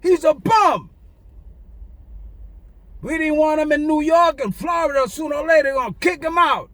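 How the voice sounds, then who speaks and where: A man with a strikingly high voice preaches in a fiery, taunting rant, shouting his lines with a preacher's cadence. The sound is close and dry, with no room around it. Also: normal speed, dry recording. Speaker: online preacher.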